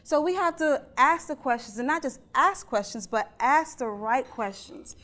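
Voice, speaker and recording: A woman delivers a keynote talk in a chatty, earnest way. Her voice sits high, and she keeps turning to the audience with questions. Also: expressive, normal speed, fairly bright tone. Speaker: keynote speaker.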